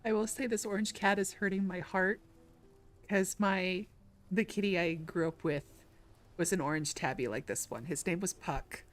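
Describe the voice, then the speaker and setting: A woman's voice: on the low side, normal speed, soft background music. A woman streaming a story game, chatting casually in a rambling way with many restarts. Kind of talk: casual live-stream chat.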